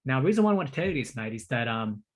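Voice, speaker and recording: This podcast host races through a lively story in casual conversation, his pitch sitting in an ordinary middle range. He keeps stumbling and repeating himself while tossing out friendly "bro" and "mate".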